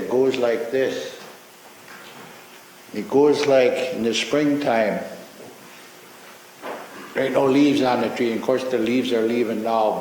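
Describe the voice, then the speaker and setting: A man giving a ceremonial opening acknowledgment in a large courtroom, talking slowly and reflectively with frequent pauses and repetitions. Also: on the low side, a little mellow, slight background noise. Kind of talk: ceremonial public address. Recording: very echoey hall with long reverb.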